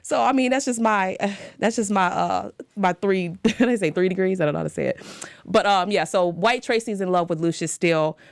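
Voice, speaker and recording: A young woman hosting a casual TV recap show, animated and dramatic, laughing often and talking straight to her viewers. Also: mid-range voice, normal speed, dry recording.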